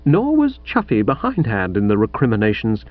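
Animated man reading a comic novel. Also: fairly low pitch, moderate pace, muffled recording. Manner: animated, wry, mock-grand storytelling. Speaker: audiobook narrator.

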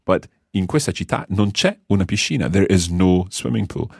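Deep-voiced husky male language teacher. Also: expressive, fairly quick, no room sound, clean studio sound. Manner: patient, explains step by step and quizzes the learner. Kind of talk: explaining a language lesson.

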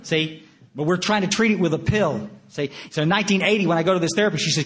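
A man's voice: fairly high pitch, fast, fairly bright tone. An older man, possibly from Texas, giving a recovery meeting talk as a blunt, folksy storyteller who stammers through restarts and swears now and then. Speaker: recovery speaker.

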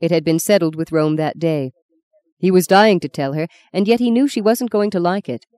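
A woman with a lowish voice narrates an audiobook in a measured, even storytelling manner. She's close to the mic, with no room sound.

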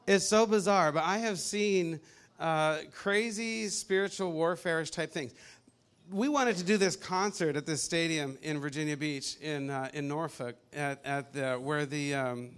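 Lively man telling a faith story. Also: on the high side, normal speed, smooth. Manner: animated, laughs often, acts out quotes. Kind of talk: casual storytelling testimony.

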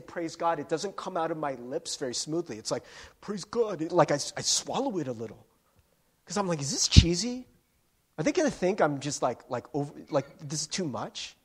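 A man preaching a sermon in a church, earnest and conversational, with many restarts and fillers. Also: a little high. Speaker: pastor. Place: church sanctuary.

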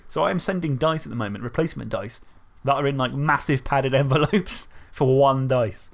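Male podcast co-host from the Isle of Wight, southern English accent, chatty and self-mocking, medium pitch, prone to rambling asides. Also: a little fast, creaky, hardly any pauses. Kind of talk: casual chat.

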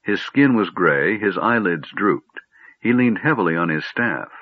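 A man narrating a fantasy story in a measured storytelling manner. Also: deep voice, lively intonation, no room sound. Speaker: audiobook narrator. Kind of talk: scripted narration. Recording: dry, tinny phone-like audio.

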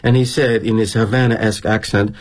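A man's voice: lowish voice, steady tone, brisk, lightly acted. A middle-aged man performing a theatrical monologue as a corporate executive, wry and sardonic in a confiding tone.

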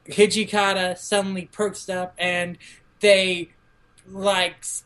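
A man's voice: high-pitched, flat delivery, unhurried, a bit bright. A young man co-hosting a podcast, casually recapping a manga chapter and slipping into playful character voices. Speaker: podcast co-host.

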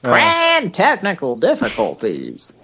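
A man co-hosting a casual comedy chat over a voice call, making absurd deadpan jokes. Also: sits high, takes it slowly, creaky, a little hiss or hum. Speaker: co-host.

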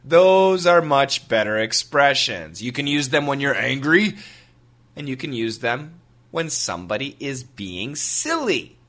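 A man hosting an English lesson podcast, upbeat and animated, spelling words out slowly for learners. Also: medium pitch. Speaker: English teacher and podcast host.

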